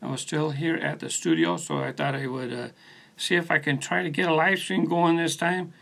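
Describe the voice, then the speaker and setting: This channel host talks casually on a live stream from his studio, answering viewers by name as he reads comments in a relaxed, rambling style, with a phone set on a post doing the recording. His voice is on the high side, steady in tone and fairly bright, with vocal fry, at a normal speed.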